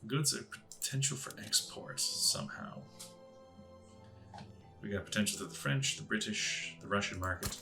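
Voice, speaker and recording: A man's voice: on the low side, normal speed, gravelly, bright, forceful tone, faint music behind. A man casually thinking aloud as he plays a strategy game, musing to himself as he clicks through menus. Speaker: gaming channel host.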